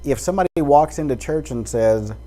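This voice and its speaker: A man's voice: mid-range voice, expressive, a little fast, dark tone. Rambling man with a Texas drawl. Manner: rambling with many fillers and restarts. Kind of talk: casual personal monologue. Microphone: webcam.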